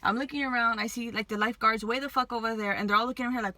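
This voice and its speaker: A woman's voice: fairly high pitch, steady tone, racing, hardly any pauses, bright, forceful tone, dry recording. A woman telling an emotional story to her viewers, agitated, swearing constantly and restarting her sentences. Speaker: vlogger.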